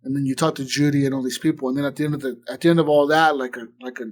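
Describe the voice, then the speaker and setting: A man's voice: mid-range voice, steady tone, very fast, a little mellow. A man co-hosting a podcast in casual chat, rambling through a retelling full of "like" and swearing, acting out what others said. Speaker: podcast co-host.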